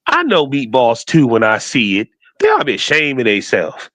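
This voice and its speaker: A man's voice: medium pitch, wildly swooping pitch, normal speed, a bit bright, dry recording. A man in his forties co-hosting a podcast, chatting casually and rambling with many fillers and asides. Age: 40s. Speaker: podcast co-host. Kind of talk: casual chat.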